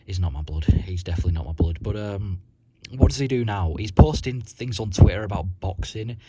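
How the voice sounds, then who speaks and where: A man's voice: fairly low pitch, brisk, warm tone, slightly rough. A man ranting about the sport in a blunt, profane, rambling vlog. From Britain. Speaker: vlogger.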